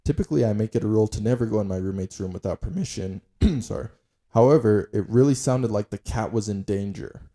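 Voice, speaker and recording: A man's voice: on the low side, quick pace, mellow. A young man co-hosting a casual podcast, reading posts aloud in a laid-back way and laughing often. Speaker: podcast co-host.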